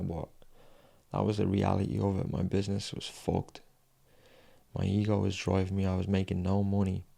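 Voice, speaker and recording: A young man speaks in a low, deeply gravelly voice with a warm, dark tone. He tells his story frankly and rawly, with plenty of swearing. He breaks it up with long pauses and sighs. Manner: raw, frank and heavy with swearing. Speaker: fitness vlogger. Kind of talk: confessional personal storytelling.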